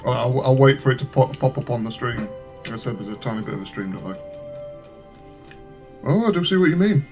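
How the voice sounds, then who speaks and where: A man's voice: mid-range voice, expressive, brisk, a little mellow, soft background music. A man co-hosting a gaming live stream, joking around and often stumbling over his words. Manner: joking, stammers and restarts often. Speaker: stream co-host. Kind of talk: casual gaming stream chat.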